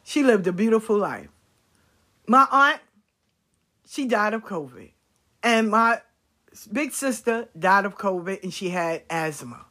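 A woman's voice: medium pitch, expressive, a little slow, long pauses, sharp tone. A woman speaking casually to her viewers, blunt and profane, repeating her points for emphasis. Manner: emphatic repetition.

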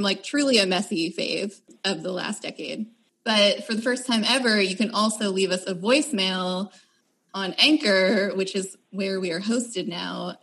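A woman's voice: medium pitch, a bit bright. Woman podcast host, casual chatty delivery, filler-heavy, upbeat.

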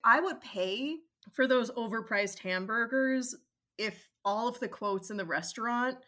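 A podcast guest from Massachusetts, chatting casually with sarcastic humor and many fillers. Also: female voice, a little high, measured pace, pushed and bright.

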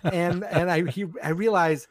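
A man's voice: sits high, steady tone, unhurried, no echo. A middle-aged man, co-hosting a podcast and telling funny stories in casual chat. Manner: joking storyteller, acts out quotes. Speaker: podcast co-host.

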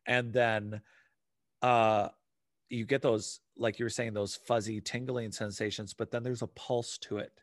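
A man talking in a rambling, animated casual chat and swearing now and then. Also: fairly low pitch, a little slow, no echo, clean studio sound.

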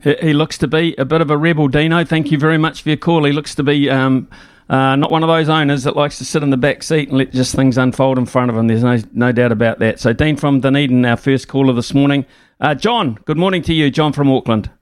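A man's voice: mid-range voice, fairly even intonation, clean tone, no room sound, clean studio sound. A man hosting talkback radio, taking callers' calls and giving blunt opinions. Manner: blunt, takes calls briskly.

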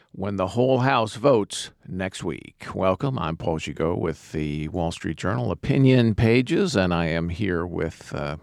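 A hoarse man with a very low voice hosts a political talk podcast. He speaks haltingly, full of "uh"s and restarts. His voice sits close and dry on the mic, with no room sound. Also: dry recording. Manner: halting, many fillers and restarts. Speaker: podcast host.

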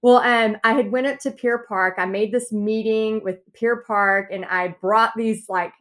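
A woman's voice: on the high side, steady tone, unhurried, a bit bright. A woman guest telling her own story in a podcast interview, acting out quotes with big swings in her voice.

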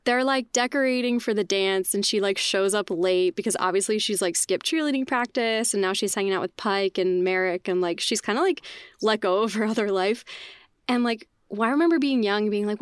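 A young woman guest on a podcast, chatting casually, laughing often and acting out quotes in a higher voice. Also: a little fast, clear, resonant tone, no room sound, studio quality. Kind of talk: casual chat.

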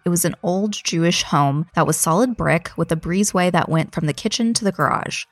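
A woman hosting a podcast, reading a listener's ghost story aloud in a casual, animated way, with swearing and laughing asides. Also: on the low side, no echo. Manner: animated reader who breaks off to laugh and comment, swears casually.

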